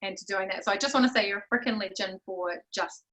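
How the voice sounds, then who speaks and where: A woman's voice: medium pitch, quick pace, a bit bright. A woman hosting a casual podcast interview, enthusiastic and cheering her guest on. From New Zealand. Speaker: podcast host.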